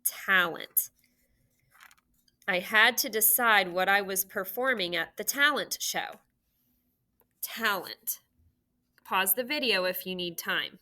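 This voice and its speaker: A woman's voice: medium pitch, lively intonation, slow pace, long pauses, sharp tone. A young woman teaching a recorded phonics lesson for children, patient and encouraging, sounding out words and letters.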